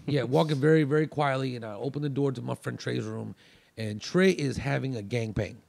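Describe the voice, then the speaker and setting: A man's voice: medium pitch, brisk, vocal fry, a little mellow, no echo. A male comedian guest on a podcast telling a story in a loose, rambling way with many restarts. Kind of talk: casual storytelling.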